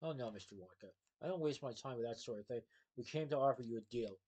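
A man reading aloud and voicing a cold, scheming male chocolate boss in a low, hushed, smug tone. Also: quick pace, natural voice. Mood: smug menace.

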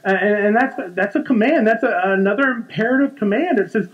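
High-voiced pastor in his forties. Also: a little fast, muffled recording. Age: 40s. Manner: conversational, repeats words and restarts often. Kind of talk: sermon. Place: church.

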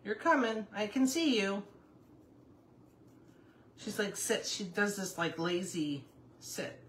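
A woman's voice: medium pitch, expressive, slow, a little hiss or hum. A woman in her fifties hosting a casual crafting livestream, chatting with viewers and calling to her puppy. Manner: chatty, reads viewer comments aloud, talks to her puppy.

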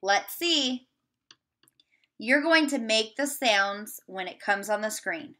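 A woman teacher giving a remote video lesson to young children, sounding out words slowly and encouraging them. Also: on the high side, animated, pushed and bright.

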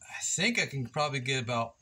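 Playful chatty man with a lively, bright voice. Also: medium pitch, fast talker, slight background noise. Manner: playful, chatty, laughs at himself, talks to viewers by name. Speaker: woodworking vlogger. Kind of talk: casual chat to viewers while building. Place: kitchen table, indoors.

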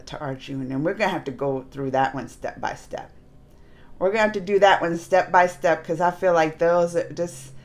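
A woman hosting a reaction channel, casually retelling episodes and acting out the characters' lines. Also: lowish voice. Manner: animated, acts out characters' lines while retelling.

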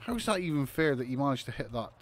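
A man commentating on a wrestling video game as he plays, excitable, swearing and shouting in disbelief. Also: medium pitch, fast, faint music behind. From United Kingdom. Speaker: gaming commentator.

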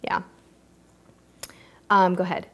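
This cruise show host speaks slowly in a lowish voice with a completely flat delivery. Even so, her live stream is chatty and heartfelt as she fields viewers' questions and expresses thanks to supporters.

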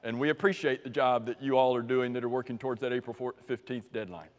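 A man's voice: mid-range voice, fairly even intonation, fast. An American man preaching a sermon in a church, talking conversationally and asking the congregation questions. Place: church sanctuary. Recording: church live stream with long hall reverb.

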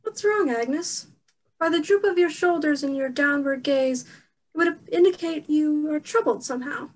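A young woman playing a formal, emotionless female elf warrior on stage, speaking stiffly and deadpan. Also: high voice, a little slow, poor audio. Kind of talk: stage play acting.

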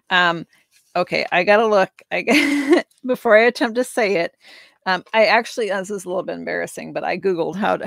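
Woman, craft tutorial, chatty and upbeat, lowish voice, dry sound. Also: vocal fry, dry recording. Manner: chatty and upbeat, with frequent laughs. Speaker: craft demonstrator. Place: home craft room under a ring light.

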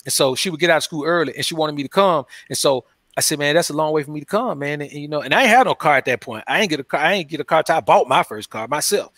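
Brief: male interview guest, loose slangy storyteller, fairly high bright voice. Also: animated, rapid-fire, hardly any pauses, no room sound, clean studio sound. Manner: loose, slangy storytelling, says "man" constantly. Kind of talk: casual interview talk.

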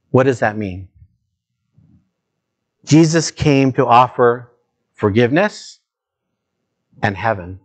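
A man preaching a sermon as pastor, talking straight to his listeners and moving between low, slow emphasis and raised, urgent appeals. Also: lively intonation. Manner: earnest, direct address to listeners.

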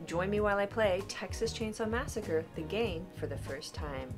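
A woman's voice: medium pitch, lively intonation, normal speed, over loud music. A young woman hosting a gaming vlog, talking casually and panicking and laughing a lot as she plays. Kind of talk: casual gameplay chat.

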